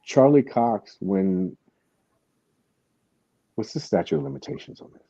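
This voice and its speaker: A man's voice: lowish voice, animated, a little slow, mellow, no room sound, highs cut off. A man hosting a podcast, telling a story in casual chat, with lots of restarts and asides. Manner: rambling storytelling with many restarts. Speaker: podcast host.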